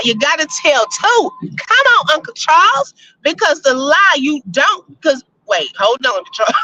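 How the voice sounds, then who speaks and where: A woman hosting a casual live-stream chat, reading viewer votes and telling stories, animated and laughing often. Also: high-pitched, moderate pace. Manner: chatty, animated, laughs often, addresses listeners as y'all. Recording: slightly muffled lo-fi audio.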